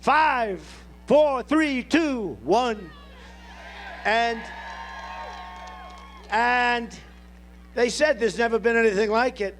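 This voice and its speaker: A man's voice: very high-pitched, drawn-out words, pauses often, fairly bright tone, a little hiss or hum. A man making a campaign rally speech at an outdoor airport rally, boastful and repetitive, speaking off the cuff to the crowd. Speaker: presidential candidate at a rally.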